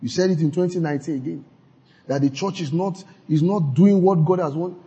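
A man preaching a sermon as a pastor. He swings suddenly between loud and soft, acts out quoted gossip and repeats lines for emphasis. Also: a little high, fairly quick, breathy edge. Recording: dull lo-fi recording.

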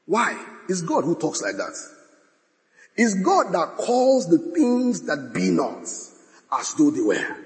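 A man's voice: high voice, wildly swooping pitch, slow. Emphatic male preacher in a reverberant hall. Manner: emphatic, dramatic swings from loud declarations to hushed asides, recites scripture. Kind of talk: sermon.

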